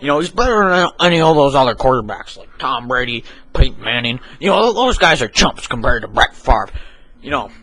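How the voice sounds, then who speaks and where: A man's voice: big pitch swings, brisk, a bit bright, no room sound, rough recording. A man voicing a rambling older football commentator in a homemade comedy sketch, repeating himself in circles. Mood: gushing. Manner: repetitive, circular, exclamations of "boom". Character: rambling older male football commentator, fixated on one quarterback.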